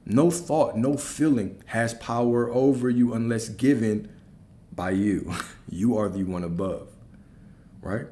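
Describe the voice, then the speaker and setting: Man, spiritual coach, preaching talk, emphatic, repetitive, rhetorical questions, deep warm voice. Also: slow. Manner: emphatic, repeats key phrases, asks rhetorical questions.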